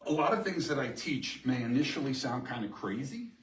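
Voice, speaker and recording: Lively man presenting in an echoey room. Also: medium pitch, a little fast, recorded from a distance, noisy background. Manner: lively, emphatic, asks the audience questions. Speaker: seminar presenter. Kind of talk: live workshop talk to an audience. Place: chamber of commerce meeting room.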